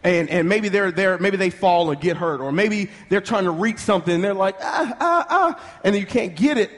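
Animated preacher, high-pitched man, call-and-response delivery; recorded with long church reverb. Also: fairly quick. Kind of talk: sermon.

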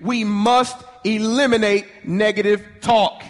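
A high-pitched man delivers a fervent sermon, rallying the crowd in call-and-response. He speaks in quick bursts, stumbling and restarting as his excitement builds. His voice rings out with the long reverb of a large hall. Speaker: preacher.

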